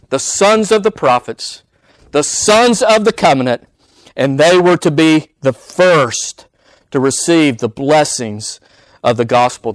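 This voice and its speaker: A man preaches from the pulpit in a high, ringing voice. He leans on repeated phrases to drive each point home. The recording is dry and close, with almost no room. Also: fairly bright tone, no room sound, poor audio. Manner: emphatic, repeating phrases for weight. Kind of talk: sermon.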